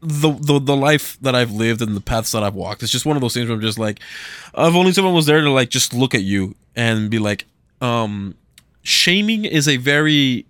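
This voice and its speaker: A man co-hosting a podcast, musing hesitantly with many pauses and restarts. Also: medium pitch, a bit bright, dry recording. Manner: hesitant, lots of fillers and restarts. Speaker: podcast co-host. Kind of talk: casual podcast chat.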